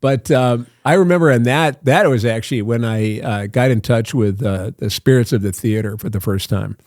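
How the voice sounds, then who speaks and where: A man's voice: mid-range voice, normal speed, darkish tone, no room sound, studio quality. Older man telling rambling stories. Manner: rambling, self-interrupting anecdotes. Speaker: guest actor. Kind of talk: casual storytelling interview.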